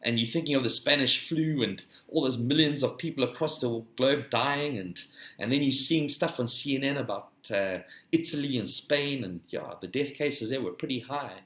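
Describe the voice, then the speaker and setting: A man's voice: medium pitch, normal speed, a bit bright, echoey room. South African man rambling on his podcast. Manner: rambling, addresses listeners as "guys", tags "eh?". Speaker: podcast host. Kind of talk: casual monologue.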